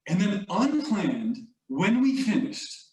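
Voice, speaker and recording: A man's voice: sits high, sing-song, slow, darkish tone. A man giving a motivational leadership talk, telling a workplace story in a conversational way with many asides to the audience. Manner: storytelling, conversational with filler "like" and "you all". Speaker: leadership speaker. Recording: echoey room, distant mic.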